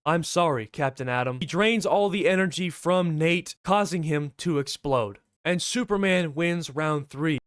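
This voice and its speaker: A young man hosting a comics channel, recapping a story in a steady narrative way. His voice sits a little high. The sound is dry and close. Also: measured pace, few pauses, no room sound.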